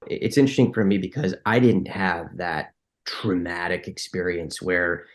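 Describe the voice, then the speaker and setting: Low-voiced man explaining with animated asides. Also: normal speed. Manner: animated, explanatory, acts out inner dialogue; frequent restarts and filler likes. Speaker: podcast guest. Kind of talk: conversational interview.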